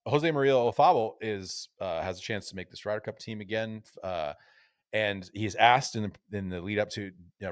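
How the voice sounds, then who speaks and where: A man's voice: lowish voice, no echo, clean studio sound. A man co-hosting a casual golf podcast, reading newspaper quotes aloud in a storytelling way. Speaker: podcast co-host.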